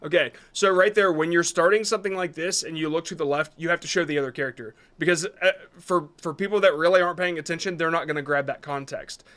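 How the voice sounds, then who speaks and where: A man's voice: on the high side, fast talker, hardly any pauses, fairly bright tone. A man hosting a live stream, reviewing viewers' short videos in casual commentary that is hesitant and apologetic, with many restarts.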